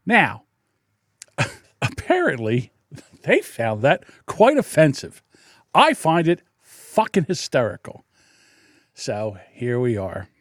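A man's voice: mid-range voice, wildly swooping pitch, slow, long pauses, dry recording, clean studio sound. A man hosting his own podcast, ranting in a sarcastic, indignant way and laughing often. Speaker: podcast host. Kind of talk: solo podcast livestream rant.

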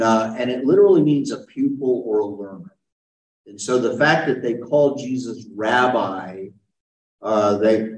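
Pastor guy teaching bible study, unhurried, mic kinda far off in a roomy space. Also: medium pitch. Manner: unhurried, explanatory, takes questions from a group.

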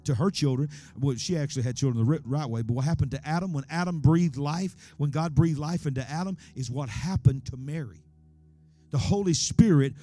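A man preaching a sermon with dramatic swings, climbing to loud, high-pitched exclamations before dropping to a hushed, low delivery. He keeps pressing the congregation with rhetorical questions, and faint instrumental music plays softly behind him.

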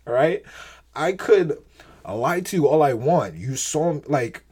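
A man's voice: a little high, expressive, slow pace, a little mellow, breathy edge. A man giving an informal devotional talk, rambling and restarting his sentences, often checking in with "right?" and breaking into light laughs. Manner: rambling, restarts often, keeps asking "right?" and "you know what I mean?"; laughs lightly between thoughts. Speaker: speaker giving a faith talk.

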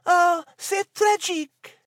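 A woman's voice: very high-pitched, steady tone, slow pace, no room sound, studio quality. A woman putting on a playful, hammy French accent as a mock French immigrant in comedic podcast banter. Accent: put-on French.

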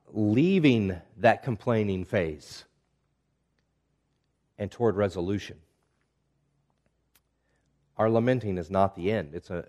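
A man preaching a sermon in a measured, reflective way, asking rhetorical questions of his listeners. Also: fairly low pitch, a little mellow. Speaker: pastor.

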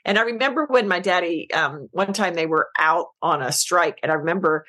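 A middle-aged woman, a business coach, telling her story as a podcast guest, emotional and animated, acting out quoted lines. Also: lowish voice, fairly quick. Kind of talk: casual interview chat.

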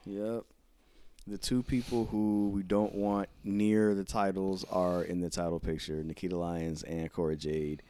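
A man's voice: deep voice, little pitch movement, unhurried, dark tone, clean tone. A man co-hosting a podcast, recapping wrestling shows in casual chat and acting out quoted lines. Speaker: podcast co-host.

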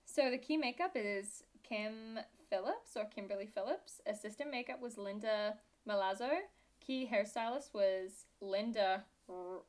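A young British woman co-hosts a podcast, her mid-range voice moving at a measured pace. Her British accent drifts toward Australian, and the chat is casual, sarcastic and giggly.

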